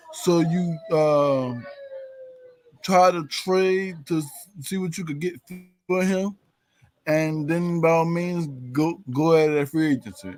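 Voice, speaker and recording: A man's voice: a little high, low-quality recording. A man calling in to a sports talk stream, often repeating words as he builds his point. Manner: repeats words while getting going. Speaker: caller.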